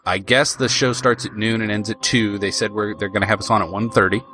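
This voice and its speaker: A man from Indiana co-hosting a podcast in casual chat, animated and quick to exclaim. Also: lowish voice. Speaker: podcast co-host.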